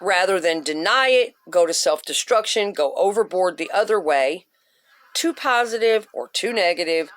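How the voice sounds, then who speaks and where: A woman's voice: fairly low pitch, expressive, moderate pace. A woman vlogger giving blunt self-help advice in an emphatic, profane rant with punchy repetition.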